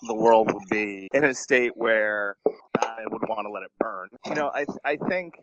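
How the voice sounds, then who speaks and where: A man on a podcast adds crude, offhand jokes to the chat. His voice sits somewhat low, with a dry close sound. The audio is a little dull. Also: normal speed, dry recording. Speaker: podcast co-host.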